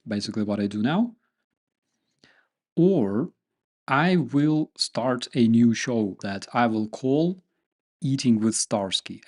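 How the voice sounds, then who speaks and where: Slow-talking Ukrainian man with a joking manner. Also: medium pitch. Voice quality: animated, joking, with many fillers. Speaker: channel host. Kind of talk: casual chat with viewers, reading comments.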